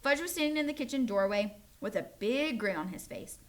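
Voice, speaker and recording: A woman teacher reading a children's chapter book aloud to her students, in a friendly, animated storytelling way. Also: a little high, a little fast.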